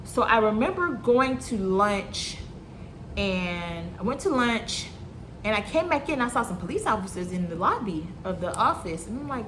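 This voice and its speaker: A woman's voice: mid-range voice, background noise. Chatty woman telling a storytime tale. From Florida. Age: 30s. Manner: animated, acts out dialogue in quick bursts. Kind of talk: casual storytime vlog.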